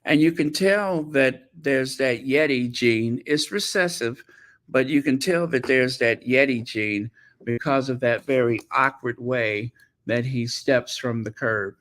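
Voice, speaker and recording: A man's voice: medium pitch, measured pace, fairly bright tone. A man hosting a commentary channel, talking in a sarcastic, mocking way. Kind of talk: casual commentary.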